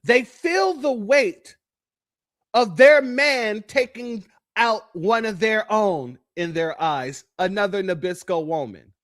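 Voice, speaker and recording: A man hosts a reaction commentary, mocking and preaching to his audience. His voice is very high for a man. He swings between scornful asides and raised emphasis. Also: expressive, slow, fairly bright tone. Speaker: host of a commentary show.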